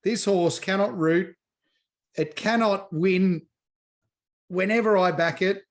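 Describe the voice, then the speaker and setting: An Australian man co-hosting a podcast, teasing his mates and telling animated stories in casual banter. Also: sits high, slow. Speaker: podcast co-host. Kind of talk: casual banter about horse racing.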